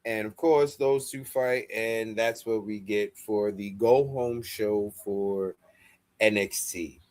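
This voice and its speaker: A man's voice: lowish voice, steady tone, takes it slowly, a little mellow. A man co-hosting a wrestling podcast, recapping the show in a profane storytelling way. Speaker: podcast co-host.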